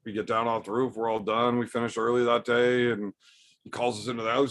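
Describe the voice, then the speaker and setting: A man's voice: mid-range voice, flat delivery, a little fast, a bit bright. A young man, casually reading and answering live chat with blunt, profane jokes. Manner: profane, blunt, joking banter.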